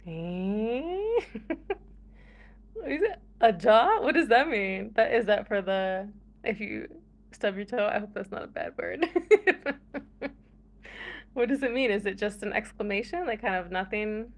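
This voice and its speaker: Young American woman, relaxed vlogger, slow easy delivery, giggles between lines. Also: mid-range voice. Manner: laughs often, chatty and playful. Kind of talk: casual chat to camera.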